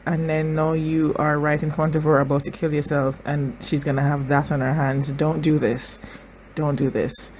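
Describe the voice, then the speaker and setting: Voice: mid-range voice, level tone, normal speed, darkish tone, slight background noise, poor audio. A host giving emotional commentary on a TV episode, tearful at times, repeating phrases and restarting sentences often. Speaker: reaction video host.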